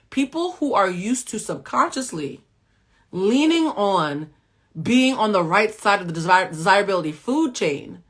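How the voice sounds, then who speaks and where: A host and cultural critic runs a pop-culture recap, sassy and addressing her viewers directly. She swings between loud exclamations and a soft, low voice.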